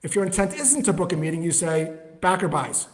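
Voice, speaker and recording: A man with a fairly high voice talks through prospecting calls in a relaxed, conversational podcast style. He acts out both the caller and the prospect with lively energy. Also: quick pace. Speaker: sales trainer, guest. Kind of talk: conversational explaining with acted call examples.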